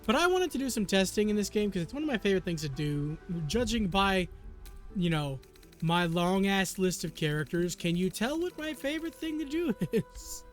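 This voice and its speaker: A man streaming live in casual, rambling chat, swearing loosely and often clearing a sore throat. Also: high-pitched, big pitch swings, normal speed, soft background music.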